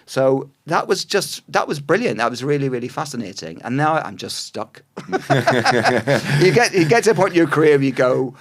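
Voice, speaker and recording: A Northern Irish man in his sixties, a TV producer chatting as a podcast guest, telling stories with lively asides and restarts. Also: on the high side, normal speed. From Northern Ireland. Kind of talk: casual interview chat.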